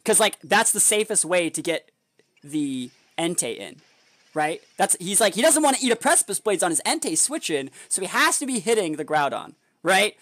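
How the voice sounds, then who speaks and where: A man's voice: on the high side, sing-song, a little fast, a bit bright, dry recording. A young man thinking aloud through a competitive match, analyzing his opponent's moves, with frustrated outbursts at times. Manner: analytical, muttering strategy to himself, then bursting into exasperated outbursts. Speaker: competitive game player and video creator. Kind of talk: thinking-aloud gameplay commentary.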